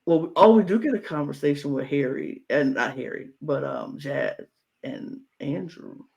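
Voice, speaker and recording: Male podcast co-host, slightly high and gravelly voice, animated, playful casual recap. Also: normal speed. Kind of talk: casual chat.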